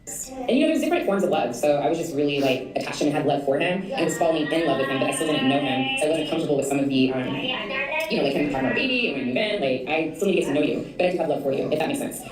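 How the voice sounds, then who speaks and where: A woman's voice: low-pitched, animated, very fast, distant mic, a loud crowd. A woman telling her own story in a casual vlog, rambling and hesitant with many ums. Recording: echoey room, away from the mic.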